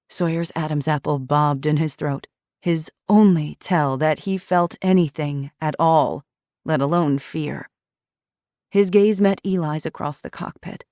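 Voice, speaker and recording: A woman narrating a thriller audiobook in an even, measured reading. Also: low-pitched, dry recording, studio quality.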